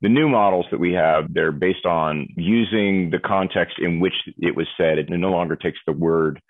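A deep-voiced man with a husky edge explains technology as an interview guest, acting out little examples as he goes. The sound is tinny and phone-like, with a dry, close feel. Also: moderate pace, dry recording.

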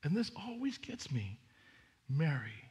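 A man's voice: a little high, lively intonation, normal speed. Earnest conversational male pastor preaching. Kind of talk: sermon. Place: church sanctuary.

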